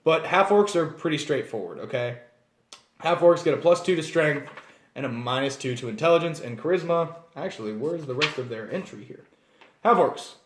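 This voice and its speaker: A man with a fairly high voice explains tabletop game races in a loose, chatty way. He keeps drifting into little acted scenes. There is a roomy echo around him. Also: normal speed, a little hiss or hum. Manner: animated, digressive, acts out scenes. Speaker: channel host.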